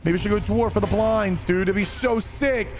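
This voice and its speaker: A man's voice: high-pitched, normal speed, voice pushed up, lightly acted. A man putting on the voice of a grown male gamer who keeps complaining, whining in an exaggerated way.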